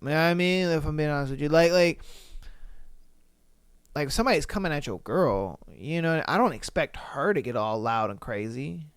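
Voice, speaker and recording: A man's voice: on the high side, moderate pace, clear, resonant tone, no room sound, studio quality. A man hosting a podcast in casual chat, reacting to listener comments in a blunt, profane way. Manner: blunt, profane, keeps asking "you know what I mean". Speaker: podcast host.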